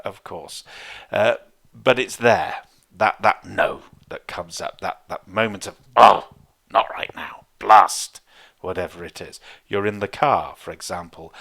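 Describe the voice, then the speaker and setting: A man giving a calm, reflective Zen Dharma talk, with frequent fillers and restarts. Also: low-pitched. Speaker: Zen teacher.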